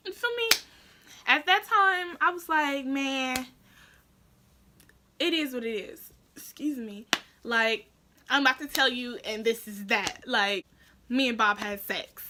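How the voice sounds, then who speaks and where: A woman's voice: sits high, slow, long pauses, background noise. A young woman telling a story to camera in a casual vlog, acting out her family's lines and often saying "like" and "that's that". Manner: animated storytelling, acts out quoted family voices; frequent "like" and "that's that" fillers. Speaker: vlogger.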